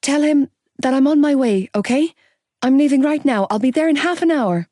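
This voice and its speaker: A woman's voice: sits high, animated, normal speed, mellow, dry recording, pitched above the performer's own voice. A woman voicing a heartbroken, fiercely loyal young woman close to tears in an audiobook. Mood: urgent. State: crying.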